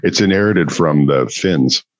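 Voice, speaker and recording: A man from the Upper Midwest near the Canadian border chats casually on a podcast, laid-back and full of easy yeps and mm-hmms. His voice is very deep, animated, and a little slow, with no echo.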